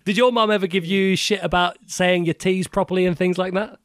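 A man's voice: high-pitched, fairly even intonation, fairly quick, fairly bright tone, no room sound, studio quality. A man with a posh-sounding British accent, co-hosting a podcast with playful, teasing banter. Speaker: podcast co-host. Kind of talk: casual chat.

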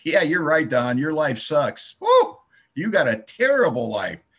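A man quoting his blunt, teasing older sponsor in a slightly raised, husky voice. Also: on the high side, very animated, unhurried, fairly bright tone, heavily acted.

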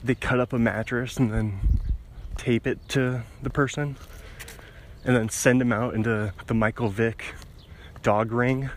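Casting: young male podcaster, unhurried, meandering talk, phone mic held close, faint outdoor ambience. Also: mid-range voice, fairly even intonation, slight background noise. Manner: meandering, self-interrupting, laughs at himself. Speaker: podcast host. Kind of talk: rambling solo podcast. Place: outdoors by a road, walking. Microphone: phone held to ear.

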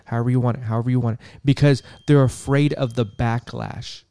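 A man's voice: medium pitch, steady tone, a little fast, warm tone, no room sound. A man hosting a podcast, ranting with profanity and exasperation and repeating himself as he comments on a press briefing. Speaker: podcast host.

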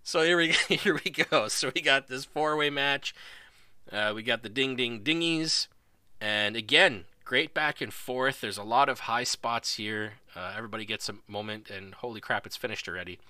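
A man's voice: mid-range voice, animated, unhurried, bright, forceful tone, no room sound. A man hosting a live stream, casually commentating a video wrestling show, rambling and laughing as he goes.

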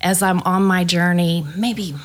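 A woman who works as a pastoral care pastor tells a personal story in a podcast conversation, animated and acting out the dialogue. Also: lowish voice, measured pace. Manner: lively storyteller, acts out dialogue.

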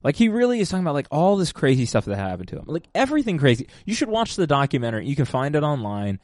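A man's voice: a little high, big pitch swings, racing, darkish tone, no echo. Rambling man in a casual monologue. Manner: rambling, digressive, self-mocking, many fillers and restarts. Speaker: podcast host.

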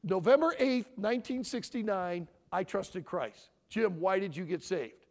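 A man in his sixties from Michigan, giving an animated sermon-style talk at a family conference and pressing his audience with questions. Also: high voice, unhurried. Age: 60s. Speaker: conference speaker.

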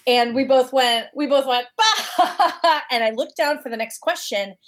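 A woman appears as a guest, casually telling a personal story and animatedly acting out the voices of people she quotes. Her voice is a little high and she speaks at normal speed.

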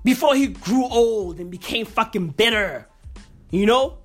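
A woman doing an excitable, profane comedic rant, packed with repeated slang catchphrases and sudden comic pitch jumps. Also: unhurried, breathy edge, faint music behind.

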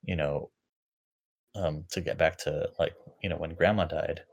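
A man with a very deep, low voice talks through a personal memory in a loose, unscripted way. He circles back, restarts sentences and leans on lots of filler words as he thinks aloud. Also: steady tone, gravelly, lo-fi sound. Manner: halting, full of fillers and restarts. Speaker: podcast co-host. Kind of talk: casual reflective chat.

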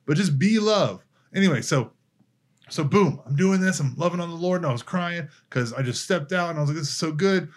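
A man's voice: fairly high pitch, fairly quick. A young man casually telling a faith story, acting out the dialogue as he goes. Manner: animated storyteller, acts out dialogue, laughs easily. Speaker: podcast guest. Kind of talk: casual faith testimony chat.

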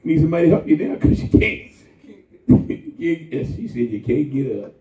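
A man preaching a lively, folksy sermon with call-and-response and shouts to the congregation. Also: a little high, moderate pace. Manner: folksy, conversational, acts out quoted voices. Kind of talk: lively Palm Sunday sermon. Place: church sanctuary. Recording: echoey church heard from far off over a tinny line.

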